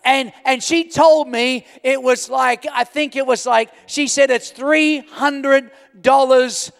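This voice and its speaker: A man from Australia, a pastor telling an animated story in a sermon and often shouting for emphasis. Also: extremely high pitch, slow pace, gravelly, smooth. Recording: long hall reverb.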